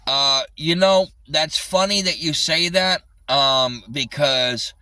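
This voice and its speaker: A man's voice: a little high, slow, pushed and bright, no echo, far from the mic, low-quality recording. Angry swearing man ranting on a live stream. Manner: angry, swearing constantly, repeats himself. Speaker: livestreamer.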